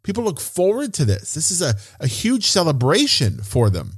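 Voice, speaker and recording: A man's voice: a little high, huge pitch swings, moderate pace, husky, dry recording, clean studio sound. A man hosting a solo motivational podcast as a business coach, speaking casually and stressing points by repeating phrases. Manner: casual, occasional swearing.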